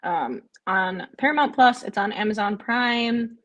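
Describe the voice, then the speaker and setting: Here the same kind of casual live watch-along comes from a woman whose mid-range voice is fairly bright and measured in pace. She chats with viewers and responds to their comments, with plenty of "um" fillers and repeated phrases.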